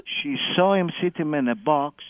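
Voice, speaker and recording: Calling in to a radio show, a man with a somewhat high voice tells a long, animated story at a moderate pace, chuckling often and acting out the people he quotes. The phone line sounds dull, with slight background noise.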